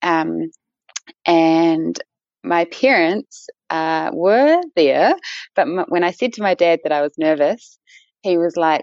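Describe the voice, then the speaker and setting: A woman with a New Zealand accent, an endurance runner, chats as a guest in a casual interview with many fillers and restarts. Her lowish voice is animated, slow, and a little mellow, on a dull, lo-fi, dry recording.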